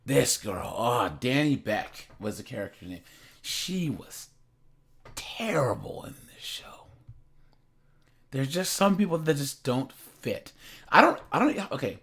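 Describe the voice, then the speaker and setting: A man's voice: mid-range voice, animated, a little slow, fairly bright tone, husky. A man hosting a reaction channel, chatting casually and rambling, repeating words and laughing often.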